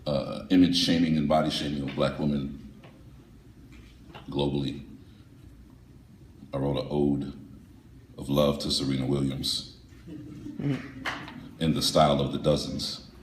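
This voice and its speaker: A man's voice: very deep voice, little pitch movement, measured pace, pauses often, slight background noise. A man performing spoken word poetry live at a venue, with a rhythmic, dramatic delivery. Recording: echoey room, voice far off.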